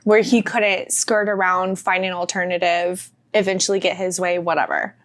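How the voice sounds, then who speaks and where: A woman's voice: on the low side, steady tone, moderate pace, a bit bright. A woman co-hosting a podcast who talks emphatically and affirms and extends her partner's points. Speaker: podcast co-host. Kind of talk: conversational podcast chat.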